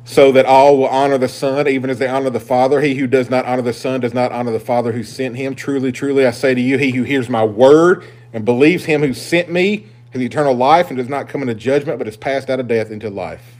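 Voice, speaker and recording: A male pastor delivers a sermon to his congregation. His preaching is emphatic, swinging from loud, driving declarations down to hushed, confiding asides. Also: medium pitch, fairly even intonation, fast talker.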